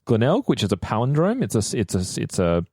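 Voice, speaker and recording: A man's voice: on the low side, wildly swooping pitch, fast talker, darkish tone, slightly rough, no echo, clean studio sound. A young Australian man co-hosting a podcast, rambling and joking at his own expense. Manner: rambling, jokey, self-deprecating. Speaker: podcast co-host. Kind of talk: casual chat.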